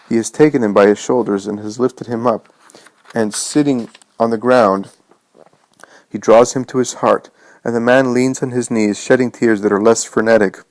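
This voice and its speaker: A man narrating a religious story from a script in a measured, earnest way. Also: lowish voice, dry recording.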